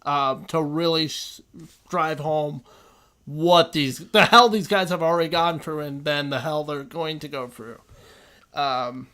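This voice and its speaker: Male podcast co-host, somewhat high voice, relaxed plot recapper. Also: measured pace. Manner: relaxed, retells plot with fillers. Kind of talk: casual film discussion.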